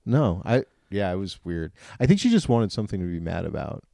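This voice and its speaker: A man, a father and podcast host, telling a profane, animated story in casual chat and acting out the dialogue. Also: low-pitched, fairly quick, creaky, dry recording, studio quality. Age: adult father.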